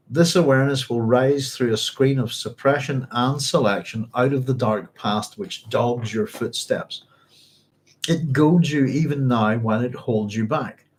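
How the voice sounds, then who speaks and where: Man, book club host, reads passages aloud, mid-range voice, thinks aloud with restarts. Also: medium pitch. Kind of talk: reading aloud and discussing a novel.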